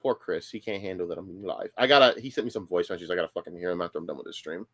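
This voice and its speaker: A man's voice: low voice, racing, husky. A man reacting on a live stream, heated and profane, often stammering and restarting his sentences. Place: home streaming room.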